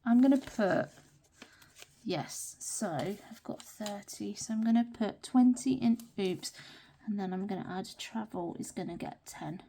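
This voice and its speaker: British girl doing a cash stuffing vlog, slow and chatty, mutters numbers as she counts. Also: mid-range voice, dark tone, slightly rough. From Britain. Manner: chatty, counts money aloud, often drops to a murmur. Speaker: budgeting vlogger. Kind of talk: casual chat while counting cash.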